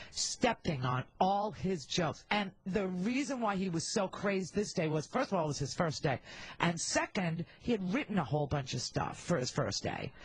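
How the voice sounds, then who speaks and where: Middle-aged woman, talk radio host, husky, candid and wisecracking, rambling asides into a handheld mic. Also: on the low side, no echo, low-quality recording.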